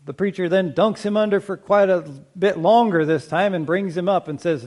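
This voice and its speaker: With a high voice and a darkish tone, a middle-aged man gives a sermon as pastor. He keeps it measured and conversational, slows down for key points, and puts questions to the congregation.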